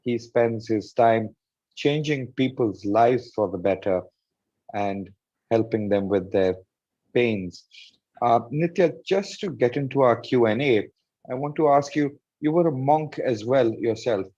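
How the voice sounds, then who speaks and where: A man's voice: medium pitch, expressive, measured pace, dark tone. A man hosting an online session, thanking the speaker and politely asking questions with some hesitation. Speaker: host. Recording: muffled lo-fi audio.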